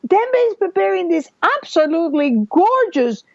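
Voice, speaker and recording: High, gravelly-voiced woman podcaster. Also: big pitch swings, moderate pace, darkish tone, no room sound, dull audio. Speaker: podcast co-host. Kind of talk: casual chat.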